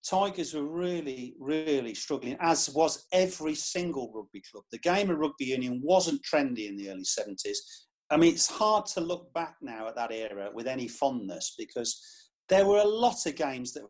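A man who is a club historian, telling lively anecdotes in a podcast chat. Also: mid-range voice, normal speed.

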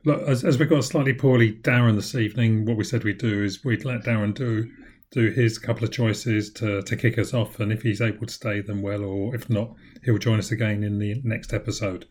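A man's voice: fairly low pitch, fairly even intonation, a little fast, a little mellow, husky. A man hosting a podcast, steering the talk and handing the floor to others. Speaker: podcast host.

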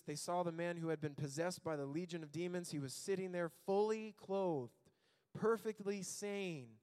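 Male pastor, slightly high voice, animated sermon storyteller who plays the quotes for laughs. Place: church sanctuary.

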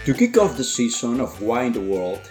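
A man at a middle pitch reads a scripted podcast opening slowly and formally. Clear guitar music plays underneath his voice. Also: sing-song, a little mellow. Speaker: podcast host, intro announcer. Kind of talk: scripted intro read. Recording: intro read over clear guitar music.

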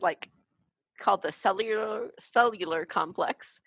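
A woman co-hosting a casual podcast chat, playful and quick to laugh. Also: medium pitch, vocal fry, a bit bright, no echo, lo-fi sound. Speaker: podcast co-host.

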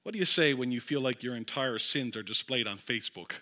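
A man preaching a sermon as pastor in a church, telling a story with lively asides to the congregation. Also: medium pitch, brisk.

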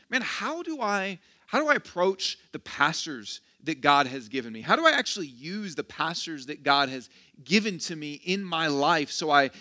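A man's voice: on the high side, bright, forceful tone. A man preaching a sermon as pastor, casual and joking, with self-deprecating asides and frequent restarts. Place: church.

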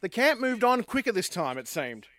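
A man's voice: high voice, very animated, moderate pace, a bit bright, dry recording. A man co-hosting a podcast, agreeable and jokey while recapping a reality show. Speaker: podcast co-host.

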